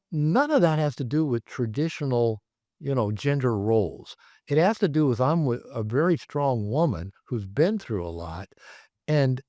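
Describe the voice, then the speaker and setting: A man, a therapist and author, telling stories in a casual interview, rambling and animated with many fillers. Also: mid-range voice, no room sound, clean studio sound. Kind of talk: casual conversational storytelling. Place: his home.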